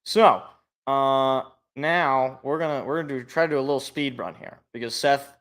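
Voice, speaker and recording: A man hosting a casual sports podcast, talking in an animated, jokey way and thinking aloud. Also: medium pitch, moderate pace. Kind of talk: casual chat.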